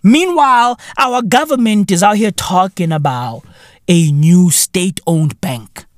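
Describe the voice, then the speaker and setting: A man's voice: sits high, takes it slowly, no room sound, studio quality. A man from Africa, hosting a solo podcast and ranting with profanity, sarcasm and exasperation. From South Africa. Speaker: podcast host. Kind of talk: solo podcast commentary rant.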